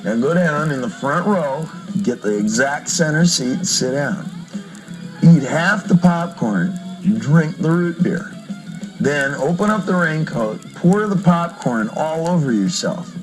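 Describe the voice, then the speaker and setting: A man's voice: on the high side, unhurried, over music, rough recording. A man in a casual interview, telling stories with jokes and frequent laughter, from a vintage interview record. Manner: joking, animated storyteller who laughs often. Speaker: rock singer being interviewed.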